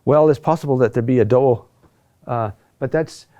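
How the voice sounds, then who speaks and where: A middle-aged man teaching a class on chant, speaking deliberately with many pauses and fillers. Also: mid-range voice, warm tone, lo-fi sound. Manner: slow and deliberate, with frequent "uh" pauses. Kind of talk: classroom lecture.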